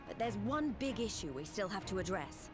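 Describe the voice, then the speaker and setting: A woman playing a young rebel leader, frank and hearty, game dialogue, music playing clearly behind her. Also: mid-range voice, sing-song, normal speed, lightly acted. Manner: plainspoken, hearty.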